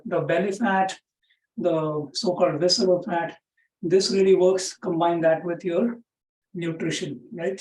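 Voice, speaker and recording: A man's voice: high-pitched, darkish tone. Encouraging male fitness instructor counting reps. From South Asia. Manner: counts reps aloud, encouraging, chatty with many "right?" tags. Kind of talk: live workout class coaching. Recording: roomy echo, far from the mic.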